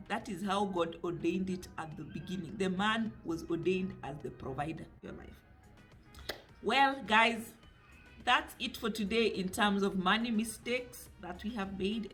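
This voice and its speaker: A woman's voice: medium pitch, fairly bright tone. A woman from Kenya with a Kenyan accent, talking casually to camera as a finance vlogger, chatty and direct, now and then dropping in Swahili phrases. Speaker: personal finance YouTuber.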